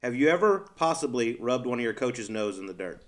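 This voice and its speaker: A man's voice: medium pitch, big pitch swings, a little fast. A man interviewing a guest, asking questions playfully and laughing easily.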